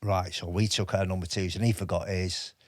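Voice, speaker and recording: A man in his fifties, an army veteran, tells stories as a guest in a casual podcast interview. His voice sits low and level, recorded at studio quality without echo. He speaks haltingly, frequently stopping and restarting sentences and using many fillers.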